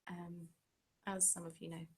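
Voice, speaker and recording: An English woman who runs a craft channel answers viewer comments during a casual live-stream from home, chatty and poking fun at herself. She speaks at a measured pace in a lowish, slightly mellow voice with a completely flat delivery.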